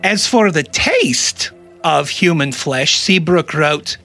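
A man hosting a podcast in casual comedic chat, a joking storyteller with quick asides. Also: fairly high pitch, lively intonation, sharp tone, faint music behind. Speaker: podcast host.

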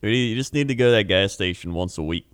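A young man in relaxed podcast chat, his pitch moving in a lively way and his voice recorded close and dry. He laughs often and enjoys taking the other side of an argument. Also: quick pace, clean tone, no room sound. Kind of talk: casual chat.

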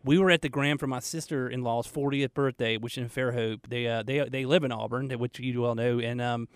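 An upbeat male co-host talks from a radio studio and chuckles often. His voice sits at a middle pitch, and the sound is close and dry. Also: fairly even intonation, brisk, smooth, no room sound. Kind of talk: casual radio chat.

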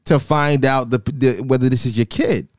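A man telling a personal story in casual chat, animated and quoting himself. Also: mid-range voice, moderate pace, dry recording, clean studio sound. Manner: animated, quotes himself in a raised voice. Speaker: guest telling his story.

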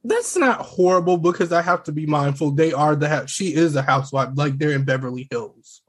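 A podcast co-host in a casual reality-TV gossip chat, animated, laughing often and swearing freely. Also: medium pitch, brisk, slightly rough.

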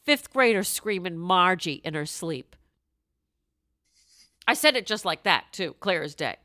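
Lively woman podcast co-host, bright tense voice, pitch jumps all over, loud silly shouts, dry close mic. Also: a little slow, no room sound. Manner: animated, bursts into loud shouted voices and laughs. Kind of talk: casual chat.

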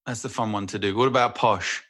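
British guy joking around on a podcast, bright forceful voice, teasing. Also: lowish voice, steady tone. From Britain. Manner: teasing, jokey, quick asides and impressions. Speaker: podcast co-host. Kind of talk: casual podcast chat.

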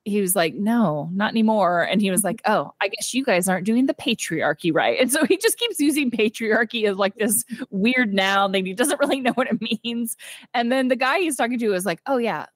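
Young woman podcast co-host, animated film recap, quoted voices, dry close sound. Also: mid-range voice, a little fast, no echo. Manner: animated retelling with quoted character voices and frequent laughter. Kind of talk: casual movie recap chat.

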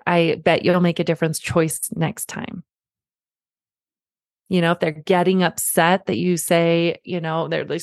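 A woman's voice: on the low side, no room sound, studio quality. A woman in her thirties hosting a parenting podcast, coaching parents in an earnest, encouraging way and repeating key phrases.

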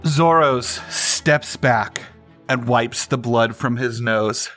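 Bright-voiced male game master, faint music. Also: mid-range voice, takes it slowly. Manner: smug, taunting banter. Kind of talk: tabletop game narration and villain voicing.

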